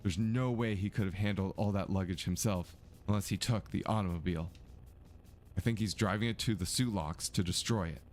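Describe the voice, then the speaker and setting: A man's voice: low voice, a little fast, darkish tone, soft background music, lightly acted. A man voicing an earnest young woman amateur detective in a mystery game, reading her dialogue steadily in his own voice.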